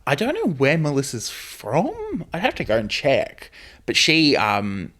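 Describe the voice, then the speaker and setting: A man's voice: on the high side, wildly swooping pitch, measured pace, fairly bright tone. An Australian man hosting a podcast in casual chat, rambling and leaning on "like" and "you know". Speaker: podcast host.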